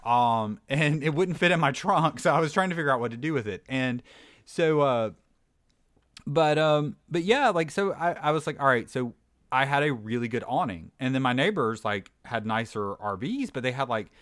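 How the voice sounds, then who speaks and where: A man's voice: mid-range voice, expressive, moderate pace, a bit bright, dry recording, clean studio sound. A man with a Southern American accent chatting casually, rambling through stories with lots of "like" and filler words. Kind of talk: casual chat.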